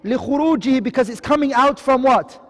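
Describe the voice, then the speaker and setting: High-voiced male tajweed teacher quizzing. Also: long reverb tail. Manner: quizzing, asks and answers his own questions; recites Arabic terms quickly, then explains in English. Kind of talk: online lesson.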